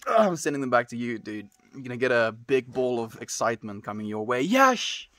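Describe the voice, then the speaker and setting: A man's voice: medium pitch, fairly quick, a bit bright, dry recording, studio quality. A man livestreaming from home, chatting casually with viewers and reading their messages, calling them dude and friend. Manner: laid-back, calls people dude and friend.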